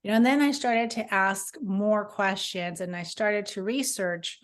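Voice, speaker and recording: A woman's voice: medium pitch, unhurried. A middle-aged woman from Southern California, an author telling her personal faith story in an interview, earnest and rambling, with many restarts. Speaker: author guest.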